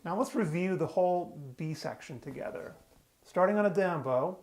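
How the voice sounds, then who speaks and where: A man with a fairly high speaking voice talks a beginner through a fiddle tune one measure at a time. He explains patiently and plainly, with the odd small restart. Loud fiddle playing sits right alongside his talk. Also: animated, moderate pace. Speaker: fiddle teacher. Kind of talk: step-by-step music lesson. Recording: fiddle music playing loudly. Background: his own fiddle playing.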